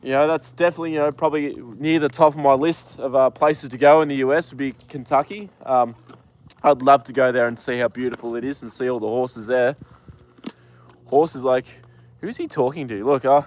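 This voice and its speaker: A man, stuffy from a cold, hosts a relaxed live stream outdoors at a horse paddock, reading comments and talking to his horse. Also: mid-range voice, brisk. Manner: relaxed, chatty, talks to the horse between comments. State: congested from a cold.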